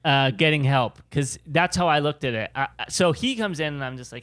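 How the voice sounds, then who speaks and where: A man's voice: a little high, fairly quick, few pauses, fairly bright tone. A man co-hosting a podcast, chatting casually and riffing playfully on silly made-up scenarios. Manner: playful, riffs on absurd scenarios, laughs often. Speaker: podcast co-host. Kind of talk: casual comedic chat.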